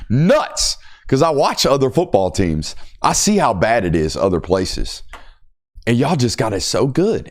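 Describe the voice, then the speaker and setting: Emphatic man hosting football talk. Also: lowish voice. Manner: animated, emphatic, ranting at times. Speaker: football podcast host. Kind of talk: casual sports talk.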